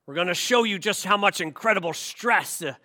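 A man playing a tough male army drill sergeant who barks commands loudly, pitched a little higher than his own voice. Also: animated, a little fast. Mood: rousing.

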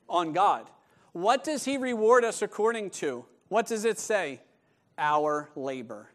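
A male pastor delivers a sermon in a loose, conversational way, with jokes mixed in. His voice sits notably high for a man. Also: a bit bright. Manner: conversational and joking.

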